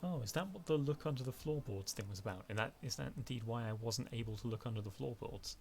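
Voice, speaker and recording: Gravelly man streaming a game. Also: mid-range voice, fast talker, a little hiss or hum. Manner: casual, playful. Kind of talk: live game playthrough, reading dialogue aloud.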